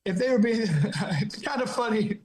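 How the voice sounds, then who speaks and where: A man's voice: high voice, animated, normal speed, darkish tone. A man guest on a podcast, talking casually with a laid-back manner and stammered restarts. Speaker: fighter and guest.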